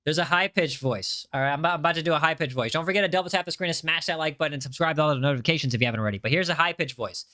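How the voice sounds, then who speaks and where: Male game streamer, casual, talks to chat, bright forward tone, on a desk mic. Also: a little high, very fast, hardly any pauses. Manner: chatty, reads chat aloud, repeats himself. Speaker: game livestreamer.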